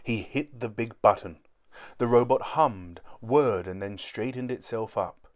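A man reading a children's book aloud in a clear, steady storytelling manner. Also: medium pitch, a little slow, highs cut off.

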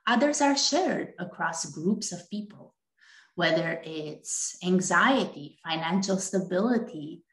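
Slow, deliberate woman presenter in an echoey room. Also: mid-range voice. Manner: clear and deliberate, repeats key points. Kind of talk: recorded presentation.

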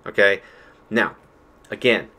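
A man's voice: lowish voice, takes it slowly, pushed and bright. A man hosting his own channel, giving an emphatic, worked-up lecture straight to his viewers from indoors at home. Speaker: channel host. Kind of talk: heated monologue to viewers.

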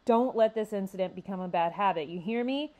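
A woman's voice: mid-range voice, a little fast, warm tone, lightly acted. Strict teacher guy giving a firm little speech, lady reading it. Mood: stern. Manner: stern, lecturing. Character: stern male teacher, newspaper club adviser.

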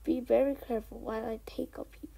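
A woman voicing a clever father fox who gives calm, hushed orders in a children's story. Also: on the high side, fast, gravelly, breathy edge, exaggerated voice, low-quality recording. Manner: hushed and careful, giving orders.

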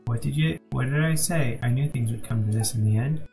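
A man with a gravelly, fry-edged voice at a mid pitch reads out a game's cutscene dialogue on a live stream, voicing every character himself with little slips and restarts. Faint game music sits quietly under his voice from a home desk mic. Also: a little fast, rough recording.

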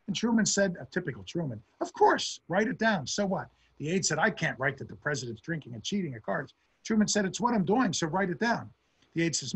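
A man's voice: a little high, husky. A middle-aged man, a historian, giving a storytelling lecture and acting out the quotes in a raised voice.

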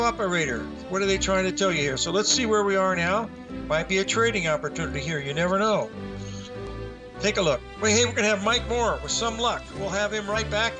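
A man's voice: sits high, fairly quick, music in the background. A man hosting a live market show, out of breath, rambling as he walks through trading charts and talks to himself.

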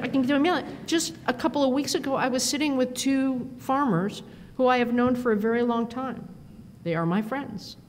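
A woman giving a conference talk, telling lively self-deprecating stories with quoted dialogue into a podium microphone. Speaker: conference speaker. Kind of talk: storytelling keynote speech. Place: large conference hall. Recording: reverberant hall with faint rumble.

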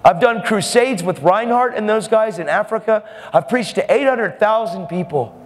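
A man's voice: sits high, normal speed, long reverb tail. A man preaching a fervent, emphatic sermon, laughing now and then between points.

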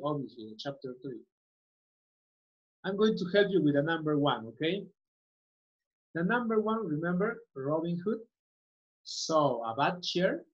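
A woman English teacher giving a class, repeating words and often asking "okay?" to check understanding. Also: low-pitched. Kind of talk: online class instruction. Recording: muffled lo-fi audio.

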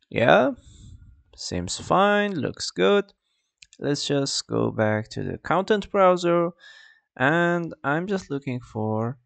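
A man walking through a 3D software tutorial, with a casual "I mean" and "let's just" as he goes. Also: fairly high pitch, gravelly, no room sound. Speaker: 3D tutorial creator. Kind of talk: screen-recorded software tutorial.

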